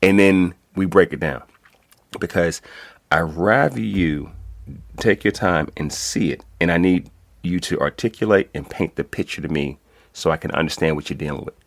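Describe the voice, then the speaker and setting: A man, talking as an interview guest in an animated, streetwise way and swearing freely. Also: low-pitched, normal speed. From Brooklyn, New York. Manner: animated, streetwise, swears freely, many "you know what I'm saying". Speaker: guest, code enforcement instructor. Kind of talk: casual interview talk.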